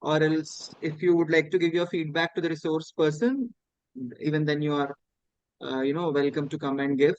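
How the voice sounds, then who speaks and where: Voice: medium pitch, normal speed, smooth, dry recording, dull audio. A host wrapping up an online training session and giving announcements, taking care to repeat the instructions. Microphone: video call.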